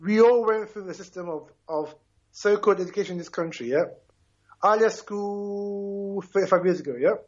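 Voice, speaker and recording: A Ghanaian man in his fifties calls into a talk show, speaking at a normal pace with a fairly high voice and emphatic passion. He keeps checking in with whoever he's talking to. The audio is muffled and narrow, like it's coming through a phone line.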